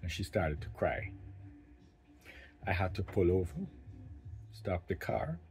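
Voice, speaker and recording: A middle-aged man speaking candidly about caring for his mother, emotional and halting, often restarting his sentences. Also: deep voice, sing-song, gravelly, darkish tone. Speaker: family caregiver. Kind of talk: candid personal talk to camera.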